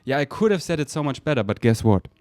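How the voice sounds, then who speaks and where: A young man with a German accent, hosting a casual podcast chat in an animated, rambling way with lots of "like.". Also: mid-range voice, fast. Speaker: podcast host.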